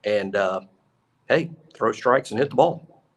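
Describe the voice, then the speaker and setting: A man co-hosting a sports talk show, talking in an animated, emphatic way with a lot of repetition. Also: mid-range voice, unhurried, slightly rough. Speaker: co-host.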